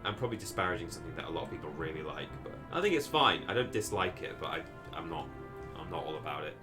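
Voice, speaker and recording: A man's voice: deep voice, animated, fast, over music. A man hosting a live game stream, chatting casually and rambling as he thinks aloud and thanks viewers for donations. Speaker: livestream host.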